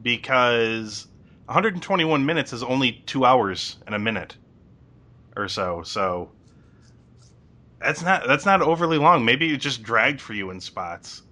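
A man's voice: mid-range voice, expressive, measured pace, bright, forceful tone. A man co-hosting a casual movie podcast, playful and teasing, laughing easily. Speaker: podcast co-host. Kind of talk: casual chat.

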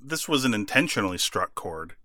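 An American man with a mid-pitched, bright voice speaks close to the mic in a dry space. He talks casually and thoughtfully, pausing to search for the right words. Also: sing-song, no room sound. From United States. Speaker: podcast co-host. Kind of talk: casual discussion.

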